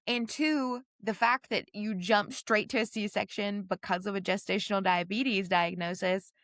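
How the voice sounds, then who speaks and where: A woman's voice: medium pitch, fairly even intonation, unhurried, fairly bright tone, dry recording. A woman hosting a podcast, responding with sympathy and asking follow-up questions. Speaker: podcast host. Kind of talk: interview questions.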